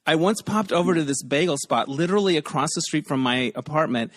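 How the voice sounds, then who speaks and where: A man hosting a podcast game over a video call, upbeat and quick with puns, laughing often. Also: a little high, lively intonation. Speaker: podcast host.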